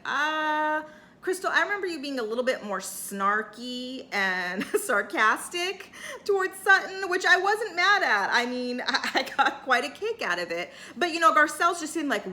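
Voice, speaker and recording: Bright, chatty woman recapping a reality show. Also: on the high side, animated, normal speed. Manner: chatty, lots of "like" and "you know", acts out cast members' lines. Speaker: recap host. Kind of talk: casual recap commentary.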